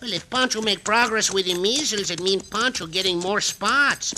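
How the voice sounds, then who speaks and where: A chuckling Mexican sidekick with a high voice. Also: male voice, normal speed, pushed and bright, a little hiss or hum. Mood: cheerful. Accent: Mexican Spanish. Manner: broken English, chuckling, simple-minded. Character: jolly sidekick, mangles English words. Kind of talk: 1950s radio drama acting.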